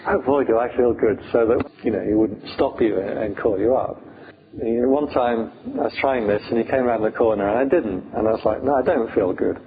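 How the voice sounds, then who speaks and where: A British man, a Buddhist monk, teaching meditation in an informal, humorous talk full of fillers. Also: fairly low pitch. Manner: chatty, humorous, many fillers. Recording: tinny phone-like sound, faint hiss.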